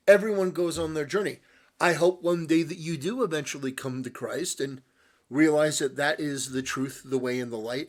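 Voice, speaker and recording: A man giving direct-address commentary, earnest and lecturing as he speaks straight to the person he is answering. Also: fairly high pitch. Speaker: online commentator.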